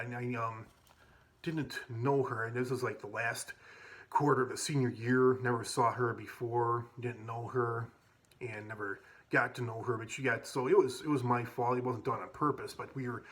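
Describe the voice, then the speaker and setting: A man spins loose, rambling stories from his school years, often starting over mid-sentence. He swears freely. His voice sits at an ordinary middle pitch. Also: a bit bright. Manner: rambling, with many restarts and casual swearing. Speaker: vlogger. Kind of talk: casual storytelling.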